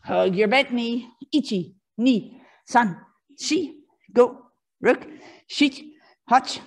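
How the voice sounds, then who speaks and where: A woman karate instructor leading a children's class, calling commands and counting in Japanese, encouraging but gently firm. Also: a little high, drawn-out words.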